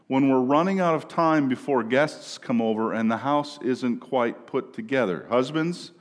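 A man from Minnesota preaching a sermon in a conversational way, often asking "right?" and moving between quiet and loud passages. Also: a little high. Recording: long reverb of a large room.

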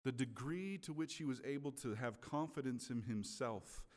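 A male preacher delivering a sermon in a relaxed, conversational way, regularly pausing to check in with his listeners. His voice sits at an ordinary male pitch. A long reverb trails each phrase, as in a large hall.

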